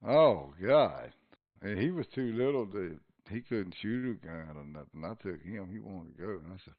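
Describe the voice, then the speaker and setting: A man's voice: lowish voice, expressive, normal speed. Folksy man, lo-fi audio. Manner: folksy storyteller, laughs often. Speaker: podcast host. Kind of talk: casual chat.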